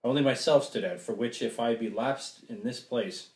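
A man reading a wary sea captain in an amateur play reading, measured and earnest. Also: mid-range voice, roomy sound, lightly acted. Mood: grave.

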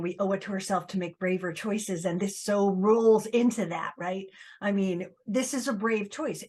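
A woman hosting a podcast, chatting with a guest and telling stories in a lively, animated way. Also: on the low side. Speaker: podcast host. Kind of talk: conversational podcast interview.

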